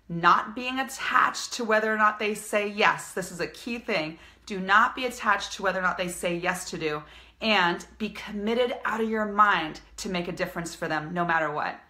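A woman's voice: medium pitch, pushed and bright. A woman business coach giving an upbeat, emphatic live-streamed coaching talk, repeating her key phrases.

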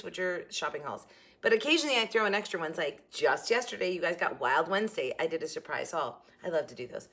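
A middle-aged woman hosting a craft vlog from her kitchen, rambling and animated, correcting herself as she talks. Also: lowish voice, fast talker. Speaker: crafting channel host. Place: home kitchen.

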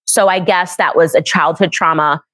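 A woman's voice: low voice, fairly even intonation, moderate pace, a bit bright. A woman commentator sarcastically retelling and mocking a story from a book. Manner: sarcastic storytelling, laughs at the subject. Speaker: political commentator.

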